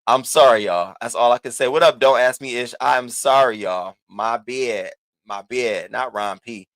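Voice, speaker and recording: A man's voice: medium pitch, unhurried, a bit bright, no room sound. A man hosting a live stream, giving sassy, profane commentary and calling out viewers in the chat by name. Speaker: livestream host.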